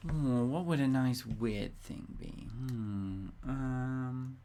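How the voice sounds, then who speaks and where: Slow-talking woman streamer. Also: rumbling low, mellow. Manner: chatty, giggly, many ums. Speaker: streamer and game master. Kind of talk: narrating an interactive role-play stream.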